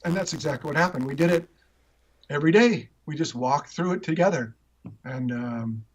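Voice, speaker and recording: A man telling personal stories in an interview, earnest and rambling, with frequent restarts, rising in pitch when moved. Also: moderate pace. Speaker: interview guest, author. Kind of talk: personal storytelling in conversation. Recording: dull, muffled audio.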